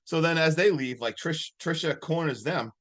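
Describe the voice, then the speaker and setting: A man co-hosting a podcast, recapping a movie plot in a casual, animated way. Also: a little high, normal speed. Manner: animated storytelling, laughing often. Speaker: podcast co-host.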